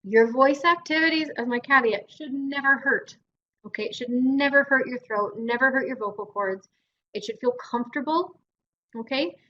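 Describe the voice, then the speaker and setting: A woman's voice: high voice, normal speed, muffled recording, slight background noise. A Canadian woman speech-language pathologist leading a guided voice exercise class in an encouraging way. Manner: encouraging, demonstrates vocal drills.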